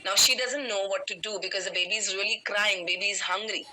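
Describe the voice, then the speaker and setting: Bright-voiced motivational coach. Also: female voice, mid-range voice, fast, slight background noise, rough recording. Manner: animated, emphatic, addresses listeners directly. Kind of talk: storytelling in an online session.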